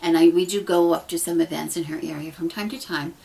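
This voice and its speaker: The creaky, dark, fairly low voice of a middle-aged pagan vlogger from the US comes through poor audio, steady in tone and brisk. Recording on her camera mic in a dim room at home, she rambles with restarts, sharing heartfelt thoughts earnestly and casually.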